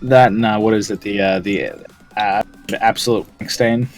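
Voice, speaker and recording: A man's voice: on the low side, steady tone, normal speed, faint music behind. A man hosting a game stream, chatting casually in a voice call, teasing, swearing freely and laughing often. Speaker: streamer host. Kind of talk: casual voice-chat banter. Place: online voice chat during a game stream.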